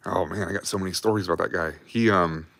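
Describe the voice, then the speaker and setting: A man's voice: deep voice, steady tone, fast talker, vocal fry, a bit bright, no echo. A man in his thirties, a livestream host, telling army stories in a rambling, profane, casual way.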